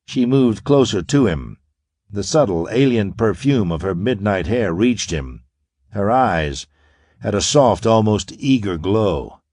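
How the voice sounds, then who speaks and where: Male audiobook narrator, mid-range, animated inflection, dry booth sound. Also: on the low side, a little slow, no room sound. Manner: steady, dramatic storytelling. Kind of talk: scripted narration.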